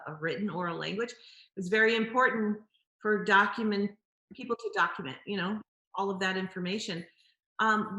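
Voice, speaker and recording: A woman on a panel, speaking thoughtfully and in a measured way about identity and ancestry. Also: mid-range voice, sharp tone, echoey room. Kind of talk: panel discussion.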